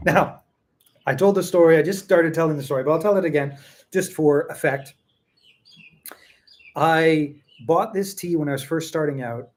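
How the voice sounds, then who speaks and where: Chatty man rambling about tea. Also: a little high. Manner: chatty, rambling, repeats himself for emphasis. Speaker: tea seller and show host. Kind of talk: casual live tea tasting chat.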